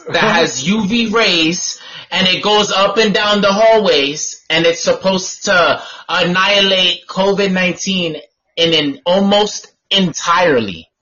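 Bright, high male co-host; profane ranter; muffled lo-fi radio sound. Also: slow. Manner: ranting, profane, exasperated. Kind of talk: casual radio talk show banter. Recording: dull lo-fi online radio audio.

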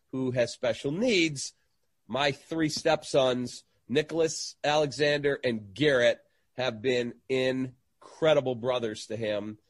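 A middle-aged man recounts a story as a guest, throwing himself into it and mimicking everyone he quotes. His voice is husky and slightly rough at the edges. The sound is dry and close, with no room around it. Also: medium pitch, no room sound. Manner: animated storyteller who acts out quoted voices. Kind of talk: storytelling in an interview.

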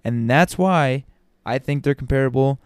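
A man's voice: medium pitch, normal speed, clear, resonant tone, no echo, studio quality. A man talking casually to his audience as a commentator, opinionated, with frequent ums and restarts. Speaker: sports commentator. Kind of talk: casual basketball talk.

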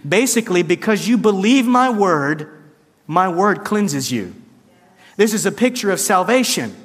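A man's voice: high voice, very animated, measured pace, fairly bright tone, long reverb tail. A man preaching a conversational sermon, acting out quoted lines with shifts in his voice. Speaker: pastor.

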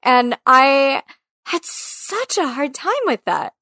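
A woman's voice: high-pitched, animated, slow pace, pushed and bright, dry recording, clean studio sound. A woman co-hosting a casual podcast chat about a film, talking in a loose, chatty way full of "like" fillers and acting out quotes. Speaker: podcast co-host.

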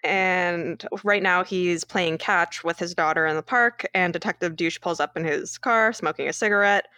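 Sarcastic, low-voiced Canadian woman. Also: normal speed, bright, forceful tone, dry recording, studio quality. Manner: sarcastic, laughs often while recapping. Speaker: podcast co-host. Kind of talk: casual movie recap chat.

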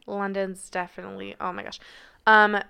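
A young woman from Arizona talking as a podcast guest in a casual, animated way, full of "like" and "dude". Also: mid-range voice, moderate pace, gravelly, smooth. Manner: animated, chatty, heavy on "like" and "dude".

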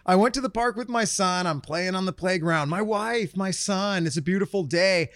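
A man's voice: sits high, normal speed, no echo, studio quality. A man telling a funny story in casual chat, acting out the people in it. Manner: animated storyteller, acts out quotes. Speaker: podcast co-host.

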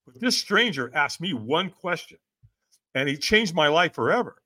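High, lively middle-aged man telling a story. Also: moderate pace. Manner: lively, acts out quoted voices, frequent "right?". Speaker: podcast guest, personal development coach. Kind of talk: animated storytelling in a podcast interview.

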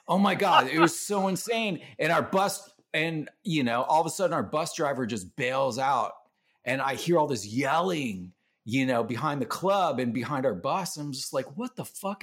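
A man's voice: medium pitch, a bit bright, slightly rough. A man, a band member, telling road stories casually on a podcast, laughing often and swearing freely. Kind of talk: casual storytelling.

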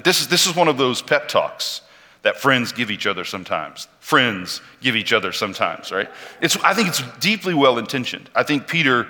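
A man preaching a sermon, telling a story in an animated way and acting out the quotes. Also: mid-range voice. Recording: long hall reverb.

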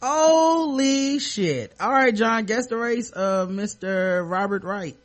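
A man's voice: high-pitched, fairly even intonation, unhurried, a bit bright. A male podcast host on a video call, chatting casually and joking, often laughing as he talks. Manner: jokey, laughs often while talking.

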